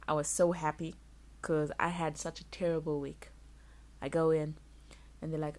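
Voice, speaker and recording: A young woman vlogging candidly, telling an emotional personal story in quick, animated bursts. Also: low voice, creaky. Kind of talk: casual vlog monologue.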